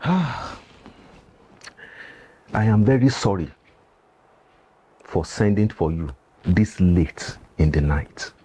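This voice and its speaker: Brief: a grave older Nigerian village elder, husky, low and unhurried, pleading in proverbs. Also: male voice, animated, mellow, heavily acted. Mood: solemn. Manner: slow, pleading, speaks in proverbs.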